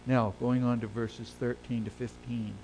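A male pastor preaching a sermon, swelling loud and high on key phrases and then sinking low and quiet. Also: flat delivery, normal speed, a little hiss or hum, low-quality recording. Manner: preaches with big swells in pitch and volume, then drops low.

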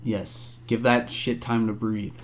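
A man's voice: fairly low pitch, flat delivery, slow. A man co-hosting a podcast in laid-back casual chat, saying dude and swearing. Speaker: podcast co-host.

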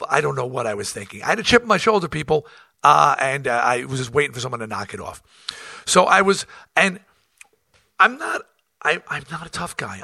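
A man with a gravelly, husky voice and a sharp, bright edge tells rough stories from years of touring. He talks in an animated, blunt and profane way, acts out quotes and keeps restarting his sentences. The sound is dry and close. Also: mid-range voice, no room sound. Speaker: rock band front man telling tour stories. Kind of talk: casual storytelling.

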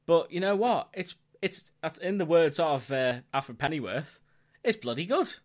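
A man's voice: on the high side, expressive, moderate pace, noisy background. A man co-hosting a podcast in casual chat, laid-back, laughing often and swearing casually. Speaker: podcast co-host.

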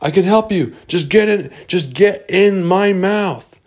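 A man's voice: high-pitched, measured pace, darkish tone, voice pushed up. A man voicing a big friendly male seabird who eagerly coaxes fish in a made-up storybook tale. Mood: coaxing. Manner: eager, coaxing, repeats himself.

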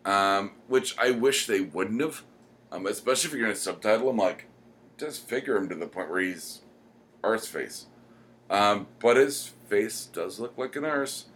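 Low-voiced man rambling through a casual chat. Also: animated, a bit bright. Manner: rambling, many "um" pauses. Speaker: podcast co-host.

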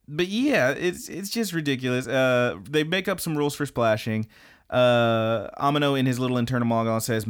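A man co-hosting a podcast, recapping an anime in casual chat, swearing freely and acting out the characters' lines in quick put-on voices. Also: medium pitch, smooth. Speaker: podcast co-host.

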